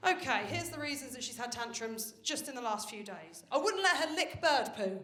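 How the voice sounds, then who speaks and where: A woman performing a stand-up comedy set on stage, telling stories in a brash, animated way with plenty of swearing. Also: sits high, moderate pace. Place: stage of a live comedy venue. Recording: roomy live venue with faint noise. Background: audience laughter.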